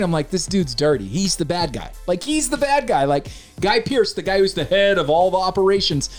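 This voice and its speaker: A man's voice: high-pitched, sing-song, brisk, soft background music. A man co-hosting a casual chat, ranting animatedly and exasperated, often mocking lines in quoted voices. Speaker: podcast co-host reviewing a film.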